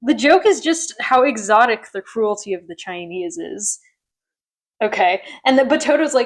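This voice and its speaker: A woman co-hosting a chatty podcast, recapping an old TV episode. She talks in a slightly high, animated voice, acting out lines and breaking into laughter. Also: rough recording. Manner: animated, quick to laugh, acts out quotes. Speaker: podcast co-host. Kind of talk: casual chat recapping a TV episode.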